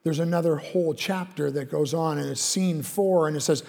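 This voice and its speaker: A man's voice: a little high, normal speed, gravelly, hardly any pauses, a little mellow, long reverb tail. A man preaching a sermon, emphatic, acting out a prophet's bitter complaints with rising intensity. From Canada. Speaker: pastor.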